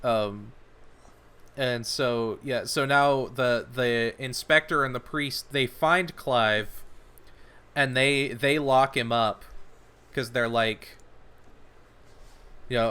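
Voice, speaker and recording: A man's voice: medium pitch, slow pace, pauses often, pushed and bright, clear, resonant tone. A man co-hosting a podcast, casually recapping a film's plot in a rambling way with lots of filler words. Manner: rambling, many "like" fillers, retells scenes. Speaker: podcast co-host. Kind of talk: casual movie recap chat. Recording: audio-only podcast.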